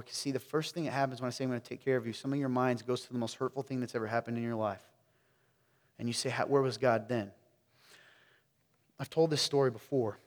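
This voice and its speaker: A man preaching a sermon in a church, swinging between loud exclaiming and hushed, close talk. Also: mid-range voice, in a large hall. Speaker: pastor. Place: church sanctuary.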